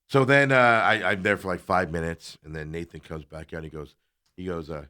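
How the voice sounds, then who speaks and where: A man on a talk show, casually telling a long story and animatedly acting out the people in it, sometimes dropping into quiet asides. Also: low-pitched, steady tone, fairly quick, smooth. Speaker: co-host.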